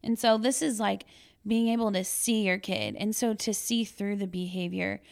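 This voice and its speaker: A woman's voice: mid-range voice, expressive, normal speed, creaky. A woman, a former school educator, chatting on a podcast and telling stories about her students, acting out their voices as she goes. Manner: storytelling, acts out children's voices and her own past words. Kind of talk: casual podcast conversation.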